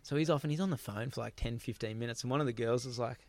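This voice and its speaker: Rapid-fire and echo-free, a mid-range male voice belongs to an Australian podcaster in his thirties. He tells a laid-back story animatedly, laughing a lot and acting out lines from his friends.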